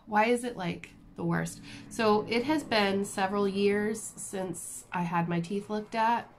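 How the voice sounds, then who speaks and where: A woman vlogger telling a personal story in a casual, animated, self-deprecating way with lots of fillers. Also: mid-range voice, takes it slowly, slight background noise. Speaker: crafting vlogger.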